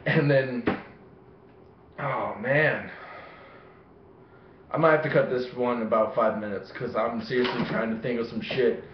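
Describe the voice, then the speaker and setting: Swearing dude rambling on a vlog, dull lo-fi sound, roomy echo. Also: male voice, mid-range voice, steady tone, a little slow, pauses often, noisy background. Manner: rambling, swears constantly, laughs at own stories. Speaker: vlogger. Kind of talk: rambling profane storytelling to camera. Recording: echoey room, dull lo-fi sound.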